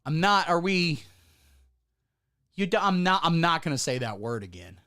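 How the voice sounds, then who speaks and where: Guy doing a crude sarcastic pundit bit on a livestream, voice kinda high and bouncing all over the place. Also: sing-song, moderate pace, clean tone. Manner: mock-pundit persona, jumping between loud outbursts and muttered asides. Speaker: comedy livestream host. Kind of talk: satirical political comedy rant. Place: indoor room under hot studio lights.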